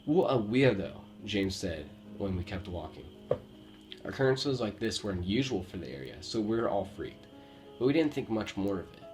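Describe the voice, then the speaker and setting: A man from Romania with a Romanian accent, reading true scary stories aloud with a steady storytelling delivery and the odd slip. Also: fairly low pitch. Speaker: horror story narrator. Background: faint background music.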